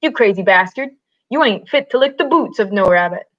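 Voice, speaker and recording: A woman's voice: medium pitch, expressive, brisk, natural voice. A woman voicing a scornful giant male rabbit that taunts and sneers, in a slightly muffled recording. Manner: sneering, harsh.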